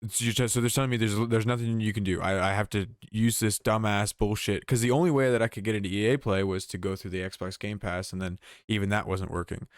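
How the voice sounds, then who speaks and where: A man's voice: lowish voice, fairly even intonation, fast, hardly any pauses, clean tone, no echo, clean studio sound. A young man co-hosting a podcast, telling a rambling, exasperated story in casual chat with frequent swearing. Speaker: podcast co-host.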